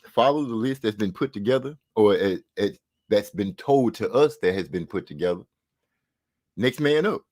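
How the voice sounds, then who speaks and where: A man hosting a boxing talk show, chatting casually and rambling with frequent fillers and restarts. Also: medium pitch. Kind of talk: casual livestream commentary.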